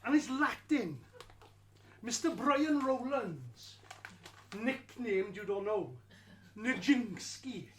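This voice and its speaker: Slow, wry storyteller man. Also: very high voice, animated. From Wales. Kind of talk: first-person storytelling performance.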